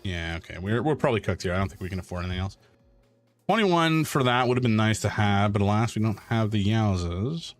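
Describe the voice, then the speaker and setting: A man's voice: on the low side, expressive, a little fast, soft background music. A man streaming a game, chatting casually and wryly with his viewers. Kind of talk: live game commentary.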